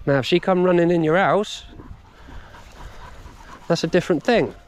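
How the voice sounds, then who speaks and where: A middle-aged British man with a fairly high voice talks at a moderate pace. He's a dog trainer vlogging on an outdoor walk, handing out casual advice in a blunt, plain-spoken, lecturing way.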